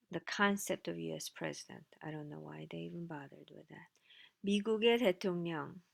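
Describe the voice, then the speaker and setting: In a recorded lecture with slides, a woman with a low, gravelly voice teaches a language lesson. She explains the slides casually, dropping in dry asides.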